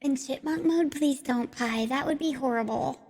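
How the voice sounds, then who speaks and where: A woman streamer chatting casually through a high chipmunk voice changer, giggly and playful. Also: normal speed, darkish tone, slightly rough, big-room sound. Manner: giggly, playful, fiddling with settings. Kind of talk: casual live-stream chat.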